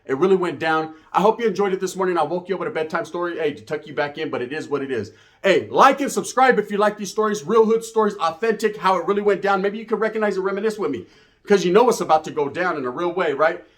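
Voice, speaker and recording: A man's voice: sits high, lively intonation, fast talker. A man telling a rambling, profane hood story full of slang. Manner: rambling, swearing, slang-heavy. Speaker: comedic storyteller.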